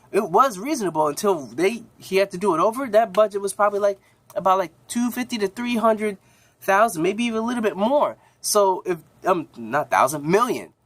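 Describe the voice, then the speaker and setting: A man giving a casual, rambling movie review vlog, with lots of restarts and a voice that jumps up high when he gets worked up. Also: a bit bright.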